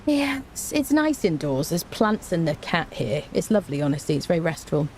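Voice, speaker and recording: A woman's voice: sits low, big pitch swings, normal speed, a little mellow, a little hiss or hum. A woman with a cold, chatting playfully with her live-stream viewers and greeting them by name from home. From Britain. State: has a cold. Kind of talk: casual live-stream chat. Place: indoors at home.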